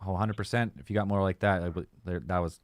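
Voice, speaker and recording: A male host fields callers on a paranormal show in a loose, easygoing way, with casual swearing. His voice is on the low side and sounds dry and close. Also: steady tone, fast, dry recording. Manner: laid-back, swears casually. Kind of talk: casual radio show chat.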